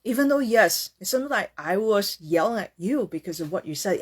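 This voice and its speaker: A woman hosting a casual self-help talk, often ending her points with "okay?" or "right?" and acting out quoted reactions in a higher voice. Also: animated, moderate pace, hardly any pauses, husky. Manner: tags sentences with "okay?" and "right?". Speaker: host.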